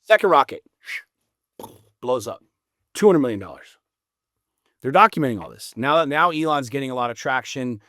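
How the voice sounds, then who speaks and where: Blunt, animated man in a dry room. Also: mid-range voice, normal speed, long pauses, no echo. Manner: animated storyteller, blunt and profane. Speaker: podcast guest. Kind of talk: casual podcast conversation.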